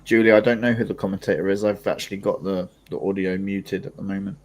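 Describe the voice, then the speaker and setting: A young male podcast co-host chats casually and laughs often during a live football watchalong, giving commentary on the match. His voice is low, darkish, and fast, with little pitch movement.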